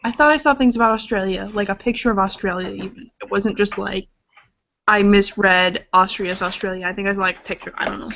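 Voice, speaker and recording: A woman's voice: mid-range voice, fairly even intonation, brisk, a bit bright. A young woman from Iowa co-hosting a podcast, chatting casually in a rambling way with casual swearing. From Iowa, United States. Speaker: podcast co-host. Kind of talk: casual chat. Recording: dull lo-fi webcam audio.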